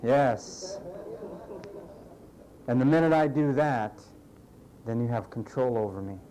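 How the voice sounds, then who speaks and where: A man preaching a sermon in a conversational, animated way, acting out the voices of the people he quotes. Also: medium pitch, slow pace, slight background noise, poor audio. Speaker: pastor.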